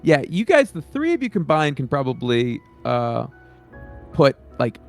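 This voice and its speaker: A man's voice: medium pitch, huge pitch swings, unhurried, creaky, a little mellow, faint music behind. A man narrating a tabletop game as game master in a loose, casual way.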